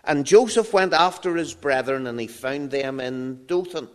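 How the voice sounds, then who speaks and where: A man's voice: mid-range voice, normal speed, clean tone. A man preaching a sermon in a church, reading scripture and dramatically acting out the voices of biblical figures. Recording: long reverb of a large hall.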